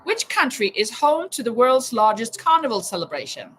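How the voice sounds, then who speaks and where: Giggly, high-voiced woman hosting a live chat. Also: sing-song, normal speed, a bit bright, a little hiss or hum, rough recording. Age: 50s. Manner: giggly, laughs often; exclamatory, frequent "oh my goodness". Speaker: livestream host running a quiz.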